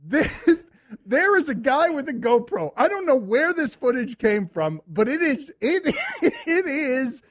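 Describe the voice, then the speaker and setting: A man hosting a sports radio show, excitable and mocking, often laughing as he talks. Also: very high-pitched, a little slow.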